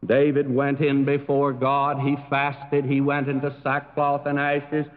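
A man preaching a sermon in a slow, earnest way that swells to emphatic peaks. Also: mid-range voice, completely flat delivery. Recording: tinny narrow-band recording with long reverb.

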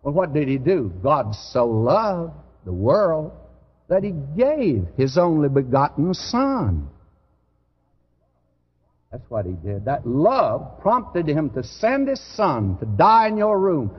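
Animated preacher in a reverberant hall. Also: male voice, fairly high pitch, slow pace, slightly rough. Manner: earnest, conversational preaching with sudden loud emphasis. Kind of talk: sermon. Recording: dull lo-fi recording with long hall reverb.

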